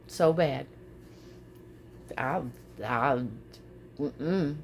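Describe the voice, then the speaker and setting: A woman chats casually to her followers in a vlog, expressive and quick to repeat herself and laugh. Her voice sits on the lower side. A faint background hum runs underneath. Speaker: vlogger. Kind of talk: casual talk to camera.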